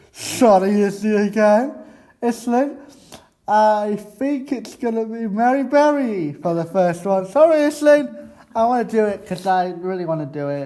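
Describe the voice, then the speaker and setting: A man presenting a student radio show in a halting, chatty way, often stopping to quiz his classmates in the studio. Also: high voice, darkish tone. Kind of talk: casual radio chat.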